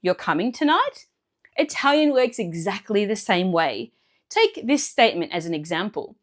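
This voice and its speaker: A woman teacher explaining Italian grammar clearly and step by step in a scripted lesson. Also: medium pitch, big pitch swings, moderate pace.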